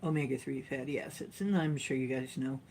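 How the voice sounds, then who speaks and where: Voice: medium pitch, fairly quick, darkish tone, low-quality recording. A channel host talking casually to viewers, rambling through personal stories and reading an article aloud with sarcastic asides.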